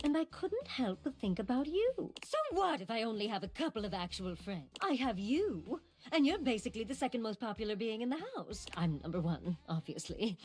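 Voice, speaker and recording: A woman's voice: medium pitch, darkish tone, husky. A woman voicing a vain, bubbly, self-obsessed bathtub in a game, boastful and giggly. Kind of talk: game voice acting.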